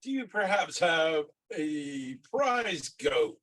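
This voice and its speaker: A man's voice: a little high, very animated, takes it slowly, a bit bright, full character voice, poor audio. A man playing a formal warrior priest. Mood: preachy. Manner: formal, preachy speech. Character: devout male warrior cleric, formal and grand.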